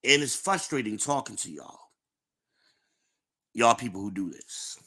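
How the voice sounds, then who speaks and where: Slow, lecturing podcast host man. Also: medium pitch, lively intonation, pushed and bright, breathy edge. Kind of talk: live-streamed podcast monologue.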